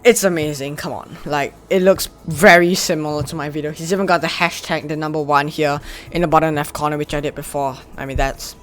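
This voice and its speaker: Male host, casual reaction commentary, enthusiastic, chatty, slightly higher voice. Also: fairly even intonation, a little fast, few pauses, fairly bright tone. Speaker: channel host judging a giveaway.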